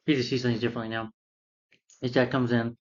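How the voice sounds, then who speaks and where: A man's voice: mid-range voice, little pitch movement, brisk, highs cut off. A man retelling a film's plot in a casual, rambling way, full of fillers and restarts. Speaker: film reviewer.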